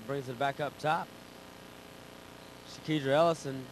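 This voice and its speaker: Young guy doing play by play, kinda high voice, gets hyped on big plays, faint gym noise. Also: moderate pace, low-quality recording. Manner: excitable, jokey, rises sharply on big plays. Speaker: play-by-play commentator. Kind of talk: sports commentary.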